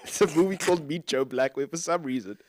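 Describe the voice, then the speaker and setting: A man's voice: fairly high pitch, fast. A man hosting a casual podcast chat, joking and laughing with his co-hosts, from South Africa. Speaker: radio host.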